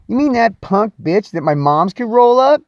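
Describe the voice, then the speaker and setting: A man's voice: high voice, sing-song, moderate pace, dull audio. A man voicing a brash, scornful street DJ who talks in blunt slang. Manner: blunt slangy tough talk.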